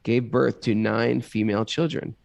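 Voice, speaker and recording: A man's voice: mid-range voice, fairly even intonation, normal speed, creaky, darkish tone, dry recording, highs cut off. A man reading scripture aloud as a podcast co-host, stopping now and then to ask puzzled questions about the text. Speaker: reader and co-host.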